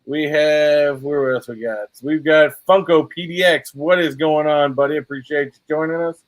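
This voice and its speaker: A man's voice: fairly high pitch, fairly even intonation, moderate pace, dry recording. Chatty man hosting a livestream. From Boston. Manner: rambling shout-outs, filler-heavy. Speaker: livestream host. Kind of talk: casual livestream chat.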